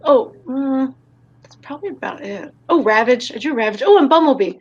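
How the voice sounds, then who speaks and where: A woman's voice: high-pitched, animated, brisk, husky. A woman artist as a guest in a casual interview, chatty and giggly, often trailing off with a laugh. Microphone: video call. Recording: lo-fi video call audio.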